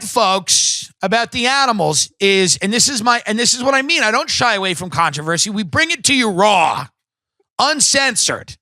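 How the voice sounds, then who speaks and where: A man with a high, sharp, tense voice rants emphatically through a comedic podcast monologue, swearing freely. The sound is dry and close, with no room around it. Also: no room sound. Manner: profane, emphatic ranting. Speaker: podcast host.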